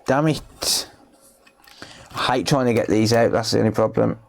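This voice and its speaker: A man's voice: lowish voice, steady tone, quick pace, creaky. Chatty British man on a livestream. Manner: chatty, coaxing, talks to pets with playful asides. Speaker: repair streamer. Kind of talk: casual livestream chat.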